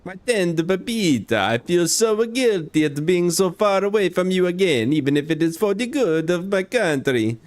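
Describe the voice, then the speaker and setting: A man putting on a high, lovesick mock-Italian suitor. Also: lively intonation, moderate pace, hardly any pauses. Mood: pleading. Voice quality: high, theatrical. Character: lovesick male letter writer in mock Italian accent.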